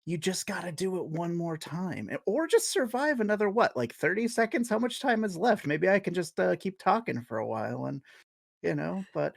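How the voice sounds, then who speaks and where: A man playing a tabletop game, giving a rambling, animated pep talk. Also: sits high, normal speed, creaky, no echo, studio quality. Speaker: player. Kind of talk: casual game banter, in-character pep talk.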